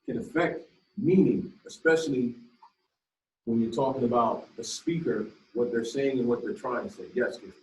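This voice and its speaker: A man's voice: medium pitch, moderate pace, darkish tone. A man teaching a class in conversational style, often turning questions to his students. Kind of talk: classroom lecture. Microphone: camera across the room. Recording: distant, echoey classroom sound.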